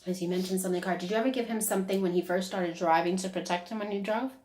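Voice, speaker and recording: A woman's voice: lowish voice, steady tone, racing, darkish tone, a little hiss or hum. A woman giving a casual psychic reading who talks on and on and keeps checking "is that correct?". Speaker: psychic medium. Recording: roomy echo.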